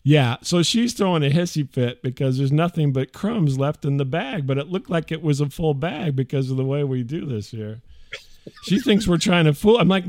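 A man's voice: fairly high pitch, lively intonation, normal speed, darkish tone, dry recording, clean studio sound. A middle-aged man hosting a podcast, telling a rambling, profane story in a casual way. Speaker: podcast host.

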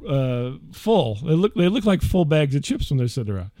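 Animated rambling man telling stories. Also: a little high, a little fast, dry recording, studio quality. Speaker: podcast host. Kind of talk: casual storytelling.

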